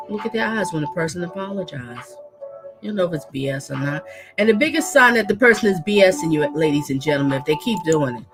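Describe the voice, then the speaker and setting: A woman's voice: on the low side, lively intonation, fast, loud music behind the voice. A woman hosting a casual livestream, talking emphatically, repeating herself and reading out viewer comments. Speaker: livestream host and coach.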